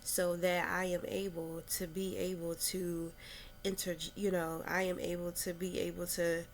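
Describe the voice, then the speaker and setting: A young adult woman vlogs candidly about her spiritual struggles, audibly emotional as she reflects. She talks slowly and meanderingly, with many fillers and restarts, in a low-leaning voice with flat delivery, and there is a little hiss or hum.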